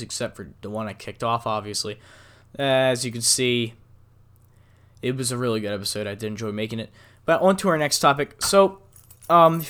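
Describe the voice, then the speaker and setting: A man's voice: mid-range voice, fairly bright tone, clean tone. A young man hosting his own podcast alone, rambling casually with many fillers and restarts. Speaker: podcast host. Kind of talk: solo podcast monologue.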